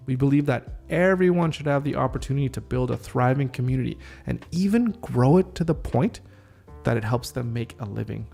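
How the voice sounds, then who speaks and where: A man's voice: mid-range voice, gravelly, a little mellow. A man hosting a podcast, reading draft lines of a script aloud, stopping often to rethink and reword them. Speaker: podcast host. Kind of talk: casual solo script rehearsal.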